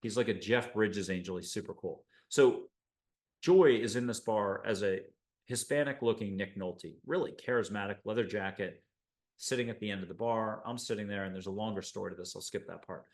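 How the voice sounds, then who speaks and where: A man from the United States hosting a spiritual show, talking in an enthusiastic, rambling monologue full of animated asides. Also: lowish voice, brisk. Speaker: host.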